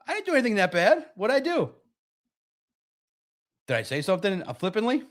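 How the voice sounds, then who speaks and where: A man hosting a casual sports talk livestream, excitable and rambling, with a slightly raspy voice. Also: high-pitched, a little fast. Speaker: podcast host.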